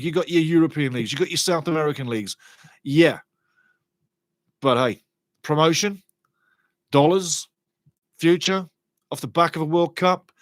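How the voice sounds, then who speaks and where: A fairly high-voiced man calls a football match live as a fan, animated and partisan. He reacts loudly to refereeing decisions and reads out chat messages between plays. His voice sits close and dry on the mic, with no room sound. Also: dry recording. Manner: excitable, partisan, reads chat comments aloud. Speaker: fan watch-along commentator. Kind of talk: passionate live match commentary.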